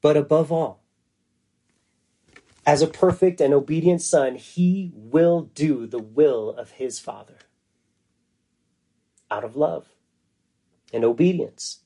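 A man preaching a sermon in an earnest, emphatic way, slowing down to stress key phrases. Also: fairly high pitch, mellow.

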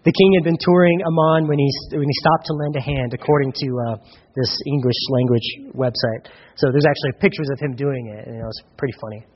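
A man's voice: medium pitch, fairly even intonation, a little fast, husky. A man from Colorado preaching a sermon as pastor, conversational and humorous, acting out little dialogues. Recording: dull recording with long hall reverb.

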